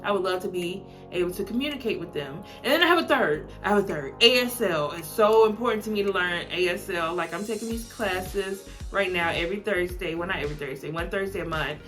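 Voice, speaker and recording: A woman's voice: on the low side, brisk, hardly any pauses, a bit bright, faint music behind. Chatty Southern American young woman. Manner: chatty, rambling, laughs often, lots of "like". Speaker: vlogger. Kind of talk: casual get-to-know-me tag video.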